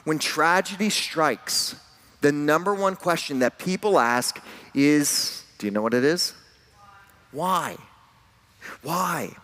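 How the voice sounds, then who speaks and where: A man's voice: on the high side, measured pace, fairly bright tone. Man preaching a sermon in a conversational, storytelling style. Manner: conversational storytelling with self-deprecating humor. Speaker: pastor.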